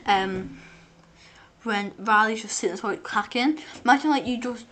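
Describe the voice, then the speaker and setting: A woman's voice: on the high side, normal speed, fairly bright tone, a little hiss or hum. A woman co-hosting a casual film podcast, chiming in with short remarks and a lot of "like". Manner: chatty, chimes in with short remarks, heavy use of "like". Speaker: podcast co-host.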